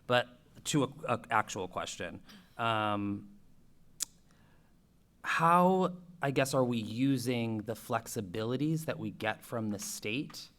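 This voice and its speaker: A man's voice: mid-range voice, expressive, takes it slowly, fairly bright tone. A man on a school committee asking questions at a public meeting, speaking casually and hedging often. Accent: Boston.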